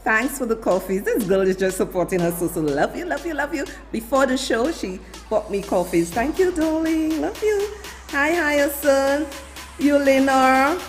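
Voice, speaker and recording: A woman's voice: high-pitched, soft background music. A woman hosting a live online show, greeting viewers one by one and calling them darling and baby. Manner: lively, drawn-out greetings.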